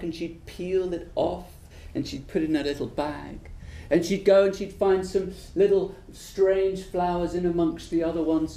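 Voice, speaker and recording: A woman telling a folk tale aloud, with dramatic, repetitive, drawn-out phrasing. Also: on the low side, mellow, a little hiss or hum. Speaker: storyteller. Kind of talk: oral storytelling. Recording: roomy echo with music behind.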